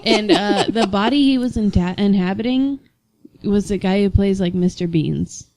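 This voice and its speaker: A woman's voice: medium pitch, moderate pace, gravelly, a little hiss or hum, rough recording. A woman co-hosting a casual podcast chat, telling stories with lots of laughter. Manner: animated, laughing storyteller. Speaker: podcast co-host.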